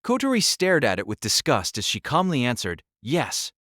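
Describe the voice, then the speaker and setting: A man narrating a light novel audiobook in an expressive storytelling manner. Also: mid-range voice, brisk, no echo, studio quality.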